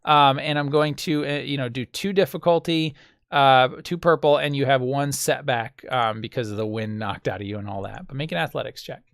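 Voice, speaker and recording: A man's voice: mid-range voice, moderate pace, vocal fry, a bit bright, smooth, no room sound. Man narrating a tabletop game, dry sound. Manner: vivid description with mouth sound effects. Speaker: game master.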